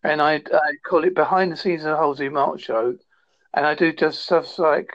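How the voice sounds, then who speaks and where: A man's voice: on the high side, fairly even intonation, normal speed, a bit bright. Playful British man, slightly muffled. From Britain. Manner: playful, joking. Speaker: podcast host. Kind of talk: casual chat.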